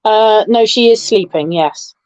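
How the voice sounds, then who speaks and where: A woman's voice: medium pitch, unhurried, crowd noise. A woman on a call, giving brief friendly replies in casual chat. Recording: dull lo-fi call audio.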